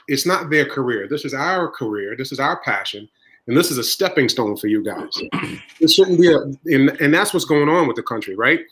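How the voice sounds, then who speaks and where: Emphatic deli owner talking shop. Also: male voice, fairly high pitch, a bit bright, low-quality recording. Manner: emphatic, repeats points for stress. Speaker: deli owner, podcast host. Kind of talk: casual podcast discussion.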